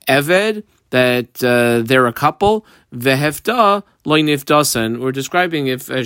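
A man's voice: on the high side, a bit bright, dry recording, clean studio sound. A man teaching a line-by-line Talmud lesson, methodically translating each phrase and marking up his text as he goes.

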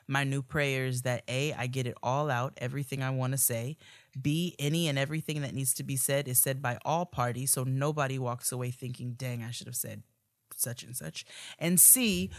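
Woman, podcast co-host, casual chat, reads listener emails, expressive, laughs easily, very dry close sound. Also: rumbling low, no echo. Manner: expressive, often breaks into loud laughter.

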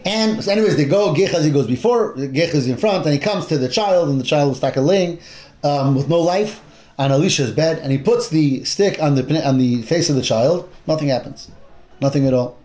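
High-voiced man teaching a Bible story. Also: a little fast. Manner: animated retelling with acted-out quotes and Hebrew terms. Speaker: Torah teacher. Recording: roomy echo.

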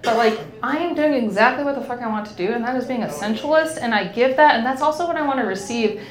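Frank young woman, giggly, swears freely, fairly high voice, roomy echo. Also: fast. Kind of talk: candid casual chat.

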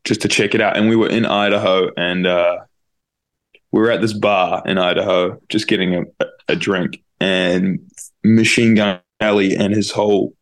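A man's voice: low-pitched, steady tone, normal speed. A young man in his twenties with a New Zealand accent, a guest telling a story casually over a video call and peppering it with "like". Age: 20s. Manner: rambling, heavy use of "like". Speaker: guest musician.

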